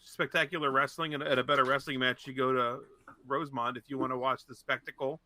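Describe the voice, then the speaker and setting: A man co-hosting a casual podcast chat, tossing in quick joking asides. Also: mid-range voice, little pitch movement, sharp tone. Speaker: podcast co-host.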